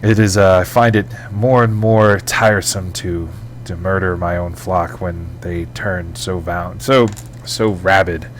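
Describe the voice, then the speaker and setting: A man's voice: low-pitched, fairly even intonation, unhurried. A man voicing a solemn male ghost swordsman who speaks formally and hesitantly, full of sorrow, with a faint hum behind him. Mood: sorrowful. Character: weary, solemn male ghost swordsman, protector of lost spirits.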